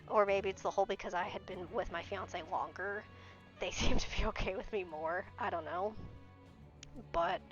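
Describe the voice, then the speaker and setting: Here the same kind of speaker, a young woman streaming, recounts a story in exasperated casual chat full of swearing. Her pitch is medium and her tone a bit bright. Faint background music plays under the dull, lo-fi stream sound.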